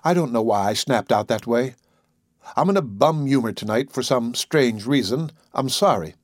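A man voicing a poised young society woman at a dance, with a lightly gentle, polished manner. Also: mid-range voice, lively intonation, moderate pace, no echo, clean studio sound, natural voice.

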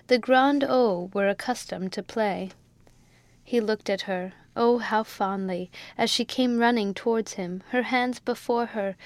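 A woman narrating a classic novel in a measured, expressive audiobook reading. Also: medium pitch, dry recording. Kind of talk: scripted narration.

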